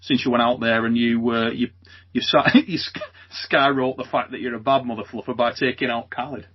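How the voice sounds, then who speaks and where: A man's voice: mid-range voice, steady tone, fairly quick, husky. A male interviewer hosting a casual chat, joking and laughing often, calling his guest "mate" and "son". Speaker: interviewer and channel host. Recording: muffled lo-fi audio.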